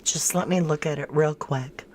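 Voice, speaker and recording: A woman's voice: low-pitched, moderate pace, darkish tone, slight background noise. A woman hosting a true crime livestream in casual commentary, thinking aloud and answering viewers' chat comments by name with frank disbelief.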